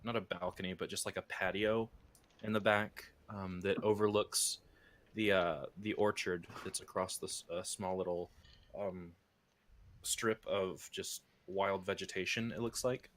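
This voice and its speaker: Low-voiced guy running a tabletop game, rambling, lots of ums. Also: fairly even intonation, unhurried, a bit bright. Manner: rambling, many fillers and restarts. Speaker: game master.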